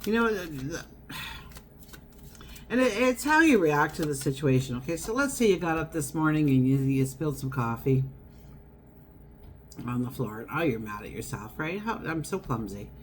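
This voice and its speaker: A woman's voice: low voice, expressive, moderate pace, long pauses, a little hiss or hum. A woman giving a casual tarot horoscope reading, chatty and wandering, acting out everyday scenes as she talks. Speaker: tarot reader.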